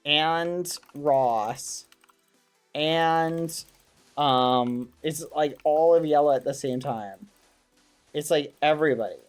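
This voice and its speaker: A man streaming a game, chatting casually and excitedly with his viewers and using wholesome exclamations instead of swearing. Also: on the high side, slow pace, clean tone, soft background music. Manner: excitable, talks to his chat. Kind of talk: casual gaming livestream chat.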